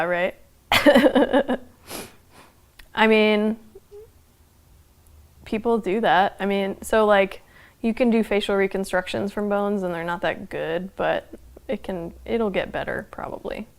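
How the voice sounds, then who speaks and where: Casual female instructor, live online class, relaxed chatty delivery with lots of "um"s and laughs. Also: mid-range voice, a little slow, pauses often. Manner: chatty, loose, with frequent fillers and laughs. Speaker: anthropology instructor.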